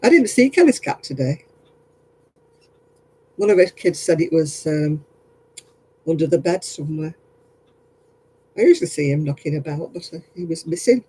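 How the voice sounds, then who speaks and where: Guy chatting on a craft stream, tired and yawny, mellow husky voice. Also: fairly high pitch, expressive, moderate pace, pauses often, no echo, poor audio. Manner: chatty, rambling, laughs often. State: tired, yawning. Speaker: craft livestream host. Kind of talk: casual chat with viewers.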